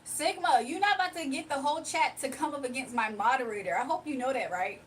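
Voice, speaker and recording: A woman's voice: high voice, quick pace. A woman hosting a casual livestream, talking with her chat in a loose, joking manner and laughing often. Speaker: livestream host. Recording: voice from a distance with faint background noise.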